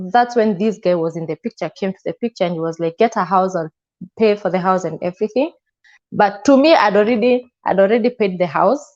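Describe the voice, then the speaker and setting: A woman's voice: medium pitch, a little mellow. Kenyan woman guest, emotional storyteller who voices the people in her account, slightly muffled lo-fi sound. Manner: emotional, acts out quoted dialogue. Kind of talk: personal storytelling in an interview.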